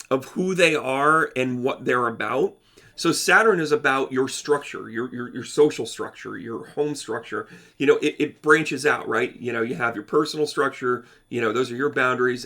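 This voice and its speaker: A man with a bright, forceful voice talks viewers through a chart in loose, chatty explanation. He rambles, restarts his sentences and keeps checking in with his audience, pitched in a middling male range. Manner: rambling, self-correcting, chatty, addresses viewers directly. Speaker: astrology channel host. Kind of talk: casual explanatory talk over charts.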